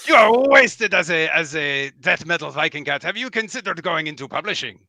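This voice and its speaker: A pompous little mouse knight in steel plate, as a man puts him on, all upper-class English bluster and courtly flourish. The voice sits high and bright, close and dry to the mic. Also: animated, brisk, vocal fry, dry recording, full character voice. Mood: jovial. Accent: upper-class English, put on.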